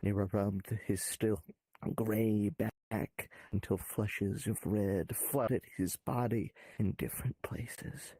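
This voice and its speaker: A man improvising dramatic spoken story narration and slowing down for tense moments. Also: on the low side, steady tone, mellow, husky, no echo. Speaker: improv performer.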